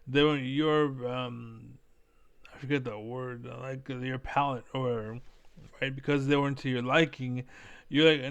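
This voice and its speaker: A man's voice: medium pitch, fairly even intonation, a little slow. Profane, combative man ranting. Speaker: reaction video creator. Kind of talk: angry reaction commentary.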